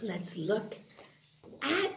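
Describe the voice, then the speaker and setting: A woman teacher speaks slowly and deliberately, stretching each word for young children. Her voice sits high and bounces up and down in a sing-song way. The room around her is echoey. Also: very animated. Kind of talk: early-grade phonics lesson.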